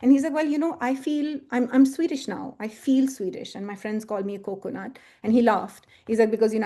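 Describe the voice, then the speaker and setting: A woman's voice: medium pitch, darkish tone. A woman researcher presenting her thesis in a webinar, retelling an interview in a conversational way with many fillers. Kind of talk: academic webinar talk. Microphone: webinar computer mic.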